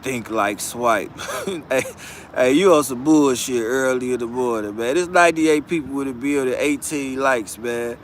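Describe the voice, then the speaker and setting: A man's voice: medium pitch, measured pace, slight background noise. A man hosting a casual live-stream commentary, talking bluntly with heavy profanity and frequent restarts. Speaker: commentary channel host.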